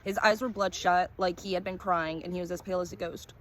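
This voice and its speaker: Woman calmly reading a story aloud. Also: on the low side, brisk, a little hiss or hum. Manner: calm, descriptive reading. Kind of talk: first-person story narration.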